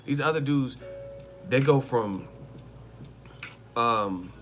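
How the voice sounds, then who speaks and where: A man riffing on a live stream in loose, slangy talk. He hammers his points and says them again and again. His voice sits at an ordinary middle pitch, with a little music playing faintly behind. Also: expressive, drawn-out words, fairly bright tone. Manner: slangy, emphatic, repeats himself. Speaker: boxing commentary channel host. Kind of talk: casual live-stream commentary.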